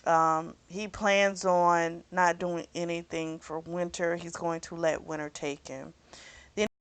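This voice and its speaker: A woman's voice: lowish voice, little pitch movement, slow pace, a bit bright, clean tone, dry recording. A woman reviewing a book in a casual recap, rambling with plenty of fillers and blunt swearing. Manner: rambling, frank, swears freely, lots of fillers.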